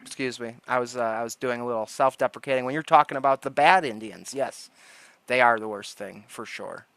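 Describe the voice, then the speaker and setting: A man's voice: mid-range voice, fairly quick, creaky, a bit bright, no echo. Rambling man streamer, dry close sound. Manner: rambling storytelling, laughs often. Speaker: livestream host. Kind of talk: casual livestream chat.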